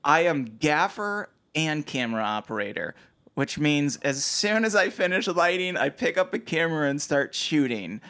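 A young man co-hosting a podcast, telling a story with animated delivery and frequent laughter. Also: a little high, normal speed. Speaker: podcast co-host. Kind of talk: casual chat.

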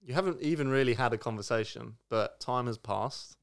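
A man's voice: mid-range voice, a little fast, vocal fry, smooth. A young British man co-hosting a podcast, chatting casually and laid-back, often trailing off mid-sentence. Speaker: podcast co-host. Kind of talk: casual chat.

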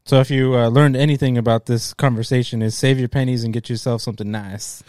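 A man in casual chat, relaxed and joking, chiming in with short remarks and wisecracks. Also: mid-range voice, dry recording, clean studio sound. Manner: laid-back, joking, quick interjections.

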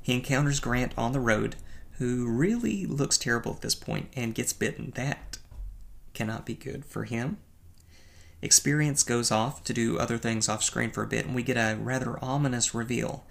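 Delivering relaxed film commentary at a moderate pace, this man has a medium-pitched voice with vocal fry. He's dry and wry, teasing himself, chuckling along, and tripping over a few words.

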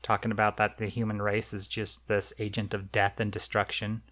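A man's voice: fairly low pitch, completely flat delivery, moderate pace, fairly bright tone. Easygoing male podcast co-host. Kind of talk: casual chat.

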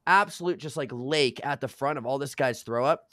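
A man's voice: mid-range voice, normal speed, sharp tone, dry recording, clean studio sound. A young adult man casually telling college stories as a podcast co-host, swearing constantly and peppering his talk with slang. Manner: profane, slangy, says dude and bro constantly. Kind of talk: casual storytelling.

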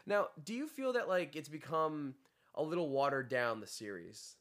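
A man hosting a casual podcast with friends. He is excitable and often slips into goofy impressions. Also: on the high side, normal speed. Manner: excitable, does goofy character voices. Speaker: podcast host. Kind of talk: casual chat.

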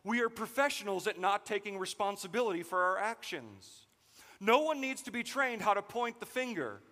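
A man preaching a sermon as pastor, animated and joking as he tells stories to the congregation. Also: sits high, normal speed, long reverb tail.

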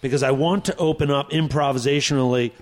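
A man who is a stand-up comedian, telling stories in casual chat, animated, profane and rambling. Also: mid-range voice, fast talker.

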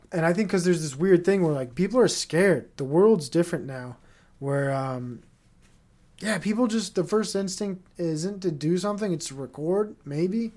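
His voice runs on the high side with a darkish color as this thirtysomething man hosts a podcast alone. The talk is loose and rambling, heavy with cursing, fillers and tangents.

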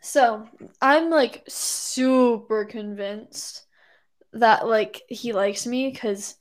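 Rambling chatty young woman, slightly high. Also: very slow. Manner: rambling, full of "like" and "anyways". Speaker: storyteller in a casual chat. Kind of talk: casual chat.

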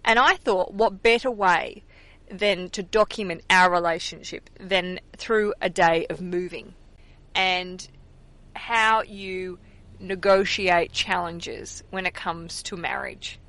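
A woman's voice: fairly low pitch, fairly even intonation, slow pace, a bit bright. A young Australian woman hosting a podcast, chatting casually and laughing easily, recorded in a car. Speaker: podcast host. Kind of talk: casual chat.

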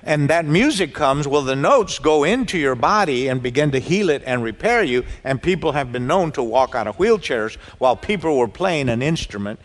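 A man preaching a sermon, telling stories with lively quoted dialogue. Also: a little high, moderate pace, hardly any pauses. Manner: animated storytelling, quoting people in dialogue. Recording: reverberant hall.

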